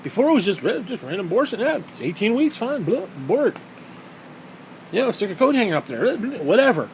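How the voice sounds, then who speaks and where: A man's voice: sits high, big pitch swings, brisk, slight background noise, rough recording. Heated, sarcastic ranting man. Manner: heated, sarcastic, swears constantly; mocks others in put-on quoted voices. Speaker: vlogger. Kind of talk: profane ranting monologue.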